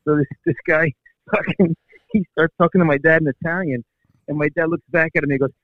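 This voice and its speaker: A man's voice: on the high side, steady tone, brisk, dry recording, phone-quality sound. A man, a comedian calling in as a guest, telling profane stories in casual chat and laughing often. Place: dry room, remote call-in.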